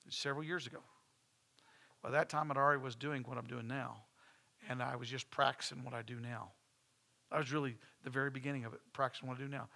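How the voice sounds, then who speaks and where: A man's voice: mid-range voice, creaky, pushed and bright. A middle-aged man, preaching a sermon in church with folksy stories and phrases repeated for emphasis. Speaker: pastor.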